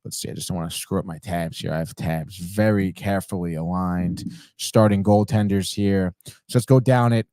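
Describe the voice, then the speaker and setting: A man's voice: low voice, fairly even intonation, moderate pace, dark tone, no room sound, clean studio sound. A man hosting a live sports podcast alone, trash-talking teams, swearing and calling everyone "dude" as he reads chat comments. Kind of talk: live sports betting talk.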